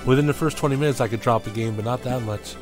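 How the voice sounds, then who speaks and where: A man streaming a game, cursing, shouting at enemies and grumbling about the game as he plays. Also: mid-range voice. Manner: profane, frustrated outbursts and yelling at the game. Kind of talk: live gameplay commentary. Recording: game music behind voice.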